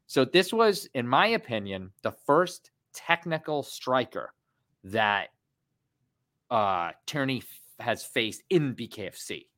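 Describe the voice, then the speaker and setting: A man in his thirties co-hosting a casual fight podcast, animated and rambling, swearing freely. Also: mid-range voice, takes it slowly. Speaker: podcast co-host.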